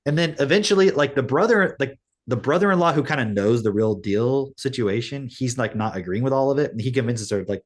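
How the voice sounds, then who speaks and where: A man co-hosting a podcast, retelling a story in casual chat, rambling and filling every pause with "like". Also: medium pitch. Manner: rambling storytelling, heavy use of "like". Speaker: podcast co-host.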